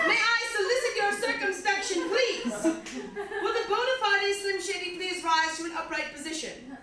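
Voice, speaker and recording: A woman's voice: very high-pitched, moderate pace, pushed and bright. Pompous woman in mock British accent. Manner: pompous, grandiloquent, laughing at her own lines. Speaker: comedian performing a one-woman show. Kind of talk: character stand-up comedy. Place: comedy festival stage. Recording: echoey hall, distant mic.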